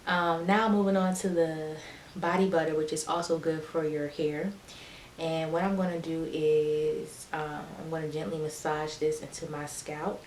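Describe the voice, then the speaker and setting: A woman's voice: deep voice, little pitch movement, normal speed, darkish tone, reverberant, a little hiss or hum. A woman vlogger chatting casually and encouragingly to her viewers as she shows a hair routine. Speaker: beauty vlogger. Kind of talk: casual how-to chat.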